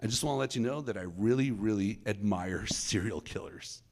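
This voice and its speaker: A man's voice: on the low side, normal speed, a little mellow. A man quoting a young male suspect. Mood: eager. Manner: pleading, then chatty and unsettling. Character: young male suspect, tearful then eerily eager.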